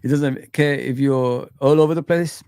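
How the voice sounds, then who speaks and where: A man hosting a fan live stream, chatting casually, repeating himself and shouting out viewers by name. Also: mid-range voice, steady tone, moderate pace, clear, resonant tone, dry recording, studio quality. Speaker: fan channel host. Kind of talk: live-stream chat reading comments.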